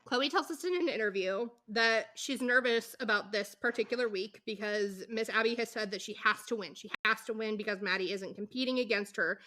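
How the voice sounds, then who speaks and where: This middle-aged woman has a mid-range, sharp-toned voice. Co-hosting a casual podcast, she tells a story animatedly, acting out the quotes.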